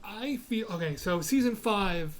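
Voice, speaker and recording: A man's voice: high-pitched, expressive, moderate pace. A man with a New York accent hosting a podcast, chatting casually and telling stories with frequent restarts. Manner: rambling, restarts, storytelling. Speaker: podcast host. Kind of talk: casual chat.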